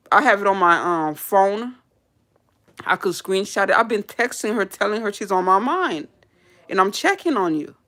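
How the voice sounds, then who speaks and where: A woman's voice: mid-range voice, fairly bright tone. A woman hairdresser telling a personal story in a casual, candid way to a live audience, laughing and swearing as she goes.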